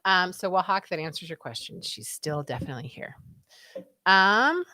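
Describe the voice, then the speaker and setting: A woman's voice: fairly low pitch, sing-song, normal speed, pushed and bright, no echo. A woman co-hosting a casual livestream, chatting and reading viewer comments aloud. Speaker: livestream co-host reading chat. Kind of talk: casual chat.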